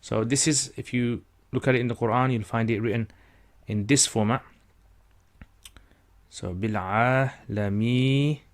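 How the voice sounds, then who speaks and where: Slow, patient male reading teacher. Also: medium pitch. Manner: patient, repeats syllables and stretches vowels for learners. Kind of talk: slow step-by-step lesson.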